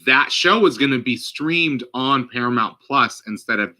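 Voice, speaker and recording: Bright-voiced chatty male podcast co-host. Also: medium pitch, normal speed. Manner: chatty, rambling, frequent fillers and laughs. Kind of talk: casual chat.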